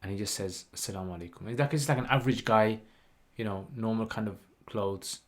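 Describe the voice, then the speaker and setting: A man, hosting a livestream and telling a story in a rambling, lively way with lots of fillers. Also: fairly low pitch, fairly quick. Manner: rambling, animated retelling with many "like" and "you know" fillers. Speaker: channel host.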